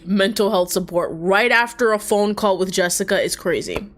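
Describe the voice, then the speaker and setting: A woman streamer reading a story game aloud with live commentary, expressive and casually swearing. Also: mid-range voice, normal speed, soft background music.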